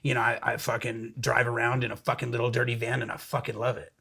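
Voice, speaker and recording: A middle-aged man tells his story in a casual interview, swearing freely and restarting his sentences as he goes. His voice is heavily gravelly with a husky, tense edge. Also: medium pitch, fast talker. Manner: profane, energetic, frequent restarts. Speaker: musician guest.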